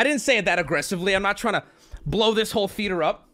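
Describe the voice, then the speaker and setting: A male streamer spins a rambling, profane story with plenty of restarts. His voice sits high and swings widely in pitch. Faint music plays under his talk. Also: quick pace. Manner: animated, swearing, rambling with restarts. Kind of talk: casual livestream storytelling.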